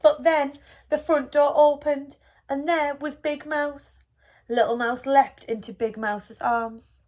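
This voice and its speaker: For a school, a woman reads a children's picture book aloud in a gentle, expressive storytelling style. Her voice is high-pitched, and she takes it slowly.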